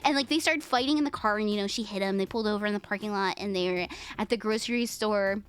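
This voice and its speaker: A young woman hosting a livestream, reading aloud and chatting with her viewers, animated and profane. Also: medium pitch, quick pace, clear, resonant tone. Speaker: livestream host. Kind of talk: reading and chatting with live chat.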